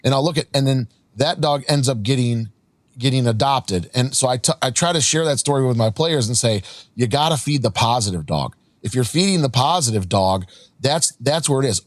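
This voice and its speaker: A man who coaches softball pitchers, hosting a podcast and sharing coaching stories in a casual, earnest way. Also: fairly quick, no room sound. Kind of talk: conversational interview.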